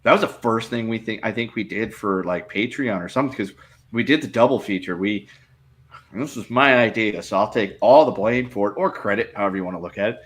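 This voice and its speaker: A man co-hosting a podcast in casual chat, telling his picks in a measured, opinionated way. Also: fairly low pitch, fairly bright tone. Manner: measured, drawn-out storytelling, opinionated. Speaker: podcast co-host.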